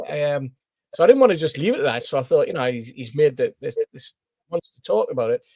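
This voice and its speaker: A man's voice: fairly high pitch, fairly quick, no room sound. A man telling a story as a podcast panelist, acting out the voices of the people in it. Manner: animated storyteller, acts out quoted voices. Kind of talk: casual anecdote telling.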